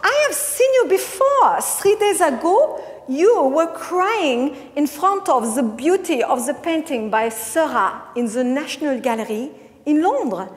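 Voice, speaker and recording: A woman's voice: high-pitched, animated, measured pace, in a large hall, pitched above the performer's own voice. Woman putting on a gushing young Parisian woman. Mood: frank, effusive.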